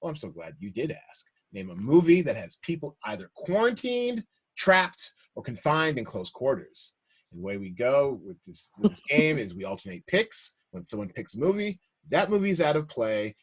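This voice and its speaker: A man hosting a podcast, chatting casually and animatedly about movies, laughing often with quick asides. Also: on the high side, big pitch swings, vocal fry, breathy edge. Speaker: podcast host. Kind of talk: casual chat.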